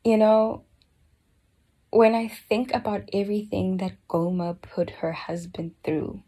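A woman giving a slow, earnest personal reflection on a Bible book, often dropping to a soft near-whisper. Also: medium pitch, flat delivery. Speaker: Bible study speaker.

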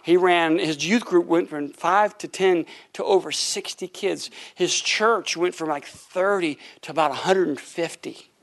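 A man's voice: sits high, unhurried, hardly any pauses. A middle-aged man preaching a sermon as pastor, telling a story with acted-out voices and frequent laughter. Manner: animated storytelling, acts out voices, laughs often.

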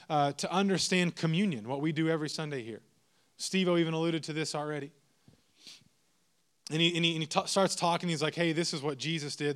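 Male pastor with a fairly high voice, preaching with emphasis and repetition. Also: fairly bright tone. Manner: emphatic, repeats key phrases, asks the congregation questions. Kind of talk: sermon.

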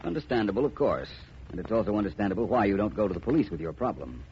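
A man playing a suave, cool gentleman detective in 1940s radio acting, urbane and wryly dry. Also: lowish voice, very animated, rapid-fire, slight background noise. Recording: muffled old radio broadcast.

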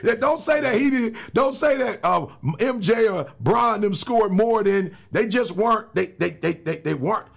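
A man's voice: sits high, expressive, moderate pace, vocal fry, hardly any pauses. A middle-aged man, a motivational speaker and pastor, talking as a guest in an emphatic, slangy, preacher-like way. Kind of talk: casual interview talk.

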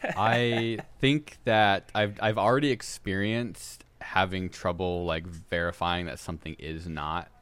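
Man, very low voice, bright edge, rambling casual co-host who laughs a lot. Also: steady tone, a little slow. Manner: rambling, laughs often, trails off into mumbles. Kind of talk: casual chat.

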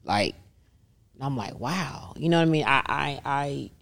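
A middle-aged woman with a gravelly, fry-laden voice chats about her years as a massage therapist. She tells her stories casually, and she brings them to life by animatedly voicing the people she quotes. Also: a bass voice, lively intonation, unhurried. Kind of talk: casual interview storytelling.

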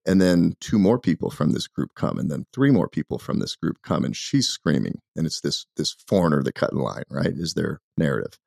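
An American man, a podcast guest, telling a story in an emphatic, animated, casual way. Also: a bass voice, brisk, creaky, hardly any pauses, dry recording, studio quality. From United States.

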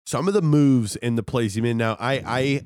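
A man's voice: moderate pace, dry recording, studio quality. A man co-hosting a casual film podcast, laid-back and profane, his voice swinging up and down as he talks. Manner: laid-back, swears, lively swings in pitch. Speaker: podcast co-host. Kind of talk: casual chat.

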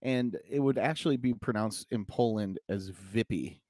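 A man's voice: medium pitch, normal speed, a little mellow, dry recording, studio quality. A man who is a pastor, chatting casually and telling jokes in a playful way. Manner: joking storyteller, playful. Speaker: pastor, podcast guest. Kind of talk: casual chat.

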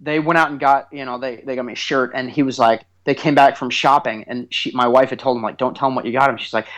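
A man in his thirties, co-hosting a podcast, telling comic stories in a casual chat with an animated, teasing, self-mocking manner. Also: mid-range voice, fast, few pauses. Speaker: podcast co-host.

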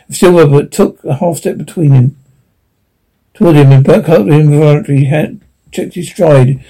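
A man reading a science-fiction story aloud, with a halting delivery that often stumbles and repeats. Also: fairly high pitch, mellow, poor audio. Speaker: audiobook narrator. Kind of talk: sci-fi audiobook reading.

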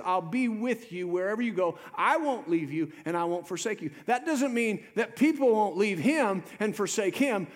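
A man with a high voice preaches a sermon from the pulpit. He swells into emphatic, rising phrases, then drops low and soft to drive a point home. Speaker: pastor.

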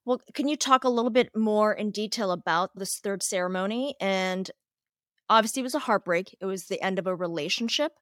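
A woman hosting an interview, asking her guest a question in a gentle, encouraging way. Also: mid-range voice, fairly quick, no echo, clean studio sound. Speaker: interview host.

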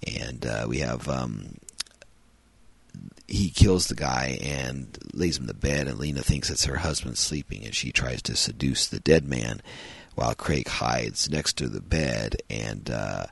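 A man's voice: very deep voice, expressive, measured pace, creaky, fairly bright tone, breathy edge, no room sound. A man hosting a podcast, reviewing a film in a rambling, casual way with frequent ums and uhs.

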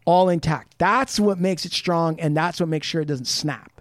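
A man from the Pacific Northwest US rambles through casual podcast chat, peppered with "like" and swearing. His voice sits a little high, recorded close and dry with no room sound. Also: moderate pace, no room sound. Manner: rambling, profane, full of "like". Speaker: podcast guest.

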